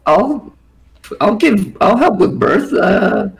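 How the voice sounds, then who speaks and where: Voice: medium pitch, lively intonation, takes it slowly, creaky. A player at a tabletop game speaking hesitantly. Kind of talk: casual game chat.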